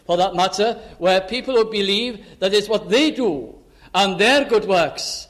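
High-voiced man preaching a sermon. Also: animated, measured pace. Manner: swings from urgent raised pleas to hushed low asides; quotes scripture in old-fashioned wording. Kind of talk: sermon on a psalm.

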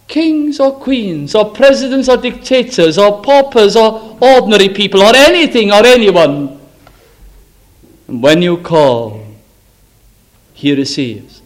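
A man preaching a revival sermon, swinging from loud exclaiming to hushed, solemn tones. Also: sits high, lively intonation, measured pace.

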